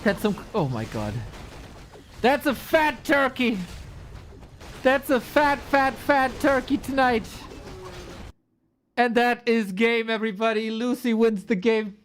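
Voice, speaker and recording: A man casting a live esports stream, excitable and exclamatory, swearing freely. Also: extremely high pitch, takes it slowly, pauses often, slight background noise. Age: adult, long-time caster. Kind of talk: live stream game commentary.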